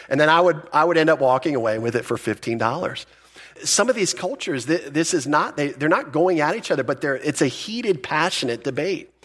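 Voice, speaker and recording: A man's voice: on the high side, fairly bright tone. A male pastor giving a sermon in a conversational, emphatic way.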